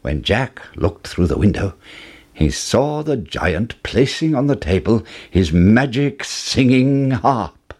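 Guy reading a fairy tale, slow, husky, really animated. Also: mid-range voice. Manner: expressive, sing-song. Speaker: storyteller. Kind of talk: storybook narration.

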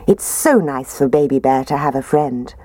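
Storybook role: a woman doing a gentle, welcoming mother bear. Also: very deep voice, expressive, normal speed, no room sound. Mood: kindly.

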